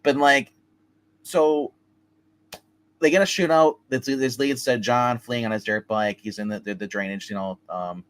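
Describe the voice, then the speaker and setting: A man's voice: medium pitch, unhurried, fairly bright tone, smooth. A man co-hosting a movie review show, rambling through a film's plot and acting out the characters' lines with laughs along the way. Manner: rambling retelling with acted-out quotes and laughs. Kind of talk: casual movie recap chat.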